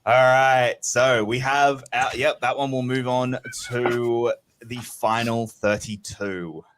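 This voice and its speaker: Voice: medium pitch, fairly even intonation, fairly bright tone, a little hiss or hum. A podcast moderator running a movie bracket, talking casually and laughing often. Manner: slow-spoken, laughs a lot.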